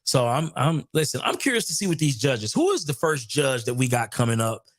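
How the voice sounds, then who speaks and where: A man's voice: mid-range voice, big pitch swings, fairly quick, no room sound, clean studio sound. A man hosting a live sales competition stream, chatting energetically and often repeating himself. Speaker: host.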